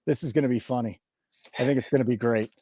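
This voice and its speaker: A man's voice: medium pitch, fairly even intonation, quick pace, dark tone, no echo, clean studio sound. A man hosting a sports betting show, joking and mock-indignant in casual banter.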